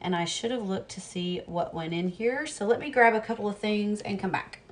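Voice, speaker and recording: At a normal speed and in a mid-range voice, a cooking vlogger casually narrates her meal prep at home for the camera. She talks to herself as she goes and laughs at her own mishaps.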